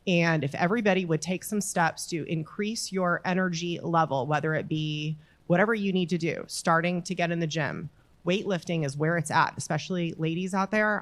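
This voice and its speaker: A woman's voice: lowish voice, moderate pace. A woman panelist giving earnest, emphatic motivational advice in a panel discussion. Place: conference room with audience.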